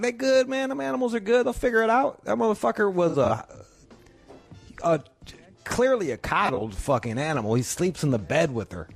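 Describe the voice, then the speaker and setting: A man's voice: on the high side, creaky. A man hosting a radio show, riffing in a crude, profanity-laden, joking way. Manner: profane, loud, laughing. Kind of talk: crude comedic radio banter.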